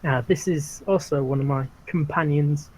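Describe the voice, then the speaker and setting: A man's voice: a little high, fairly even intonation, normal speed, close to an everyday voice, low-quality recording. Milo, a courteous halfling man voiced by a man. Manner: formal, courteous. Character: polite, formal male halfling adventurer.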